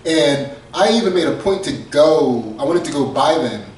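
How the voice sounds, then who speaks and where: A man's voice: a little high, animated, moderate pace, a little mellow, slight background noise. A man co-hosting a podcast, telling a comedic story casually, laughing often and acting out quotes. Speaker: podcast co-host. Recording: echoey room, far from mic.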